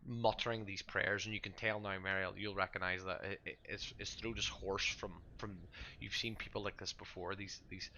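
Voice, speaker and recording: A man's voice: deep voice, fairly even intonation, normal speed, hardly any pauses, bright, forceful tone, lo-fi sound, slight background noise. A man narrating a tabletop horror game as game master, describing scenes with frequent restarts and fillers.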